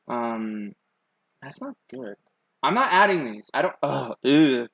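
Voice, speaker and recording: A man's voice: medium pitch, unhurried, vocal fry, a bit bright, no echo, poor audio. A young man streaming while he draws, telling a long story in a loose, rambling way with lots of fillers. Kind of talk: casual chat while drawing.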